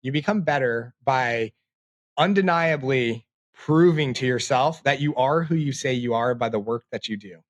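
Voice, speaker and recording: A man in his late twenties, a podcast guest, talking in a reflective, halting way with many fillers. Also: medium pitch, no room sound, dull audio. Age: 20s. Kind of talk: casual interview talk.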